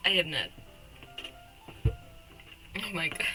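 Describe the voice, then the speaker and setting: A woman's voice: fairly low pitch, animated, drawn-out words, pushed and bright, faint music behind, poor audio. A young woman streaming live, chatting with her viewers, often giggling, teasing and swearing at her chat.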